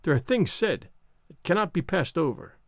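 A man doing a proud Highland swordsman. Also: expressive, moderate pace, gravelly, dry recording, clean studio sound. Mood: grave. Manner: broad Scots dialect, emotional. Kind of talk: audiobook character voice.

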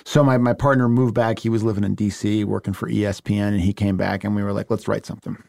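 A man, an actor and screenwriter, telling career stories in a casual interview, animated, with quick asides and frequent laughs. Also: fairly low pitch, creaky, no echo, clean studio sound.

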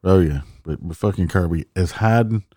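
Low-voiced, profane cop ranting. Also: male voice, moderate pace, warm tone, dry recording, studio quality. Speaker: traffic police officer. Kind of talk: casual storytelling monologue.

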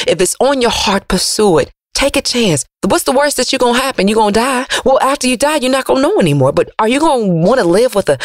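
A woman radio host, giving an emotional, preachy motivational monologue that swings from loud to soft. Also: medium pitch, no echo, clean studio sound.

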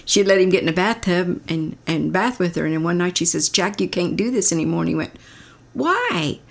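A woman's voice: lowish voice, fast, vocal fry. An older woman appearing as a grandmother guest on a podcast, telling a family story fondly. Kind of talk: casual chat.

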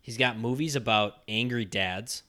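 A man's voice: mid-range voice, moderate pace, pushed and bright. A man co-hosting a podcast in casual chat, rambling and full of fillers. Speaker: podcast co-host.

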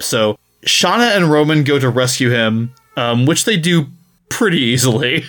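A man's voice: medium pitch, normal speed. A man co-hosting a podcast, casually retelling a book's plot with laughs and swearing. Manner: laughing, profane, animated storytelling. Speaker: podcast co-host.

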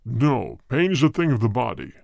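A cold, hard spirit , put on by a male reader, speaks in a deep voice for an audiobook ghost story. It answers tersely and aloofly, and it rises and falls widely in pitch. The recording is dry and close. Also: wildly swooping pitch, moderate pace, vocal fry, darkish tone, no room sound. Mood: cold, solemn. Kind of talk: audiobook reading.

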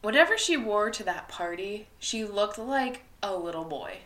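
A woman's voice: medium pitch, expressive, normal speed, a bit bright. A woman co-hosting a podcast, chatting enthusiastically about a movie, laughing and swearing along. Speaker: podcast co-host. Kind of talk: casual movie chat. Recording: roomy echo.

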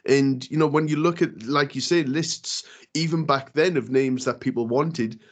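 A man interviewing a guest, asking questions with many pauses and restarts. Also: mid-range voice. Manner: hesitant, many fillers and restarts. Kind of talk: casual interview.

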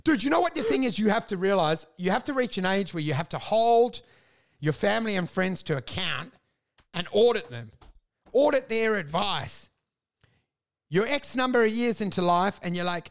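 High-voiced ranting man. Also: expressive, moderate pace. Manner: ranting, crude, laughing, acts out quoted voices. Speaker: podcast co-host. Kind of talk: casual chat.

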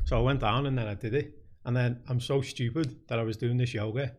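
A man's voice: medium pitch, steady tone, fast, darkish tone. A man, a comedian guest chatting casually and playfully, telling stories. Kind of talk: casual chat.

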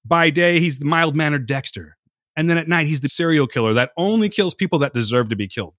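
A man's voice: fairly high pitch, expressive, quick pace, a bit bright, no room sound, studio quality. A man co-hosting a casual podcast, arguing heatedly, swearing and laughing often. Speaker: podcast co-host. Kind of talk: casual chat.

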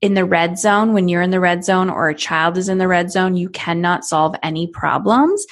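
A woman's voice: lowish voice, moderate pace. A woman in her thirties, a parenting coach, talking in a podcast conversation and acting out little scenes in different voices. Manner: animated, acts out scenes with voices.

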